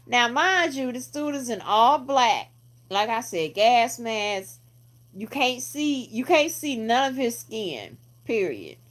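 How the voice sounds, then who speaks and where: A middle-aged woman vlogger telling a story in a casual, animated way, full of profanity and slang. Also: on the high side. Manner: animated, profane, colloquial retelling with quoted voices.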